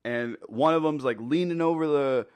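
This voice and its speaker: A man's voice: on the high side, normal speed, clean tone, dry recording. A man telling a funny story in a casual, rambling, foul-mouthed way. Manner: laid-back, profane, rambling. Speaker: storytelling commentator.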